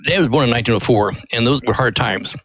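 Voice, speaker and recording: A man's voice: medium pitch, fast, a bit bright, poor audio. Folksy older male storyteller on radio. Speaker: ministry president, guest. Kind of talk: storytelling interview.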